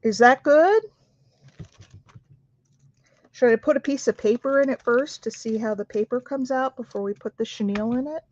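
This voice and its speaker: A woman's voice: a little high, fast talker, few pauses, a little mellow, dry recording. A woman hosting a craft video, chatting casually and asking questions as she works. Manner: chatty, asks questions while working. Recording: dry, dull lo-fi sound.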